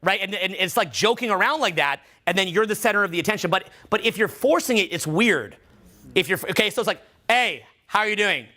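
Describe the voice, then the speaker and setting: At a quick pace and in a high-pitched voice, a vocal coach teaches a live workshop to students. He's animated throughout, acting out loud demonstration voices to illustrate his explanations.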